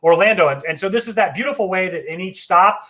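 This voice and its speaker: A fairly high-voiced man talks through a travel live stream in a loose, enthusiastic way. He is chatty and often restarts his sentences and fills pauses with ums and uhs. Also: expressive, bright, forceful tone. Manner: chatty, enthusiastic, frequent fillers and self-corrections. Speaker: travel agency host. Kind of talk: casual live stream walkthrough.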